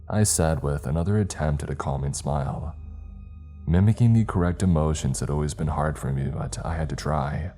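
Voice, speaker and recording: A man narrating a first-person horror story in a steady, measured reading. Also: a bass voice, faint music behind.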